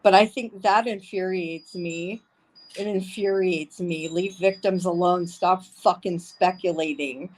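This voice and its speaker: A woman's voice: fairly low pitch, steady tone, measured pace, poor audio. A woman streaming live, ranting angrily and swearing, repeating herself over and over. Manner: heated, profane, repeats herself. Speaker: livestreamer. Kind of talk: angry ranting livestream. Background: faint wind chimes.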